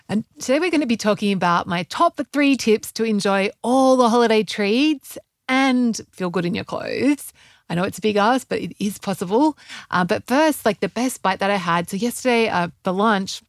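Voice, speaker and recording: Middle-aged woman host with a gravelly voice. Dry, close sound. Casual, rambling chat. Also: medium pitch, dry recording. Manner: chatty, rambling, many "like" fillers and self-corrections. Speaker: podcast host and health coach.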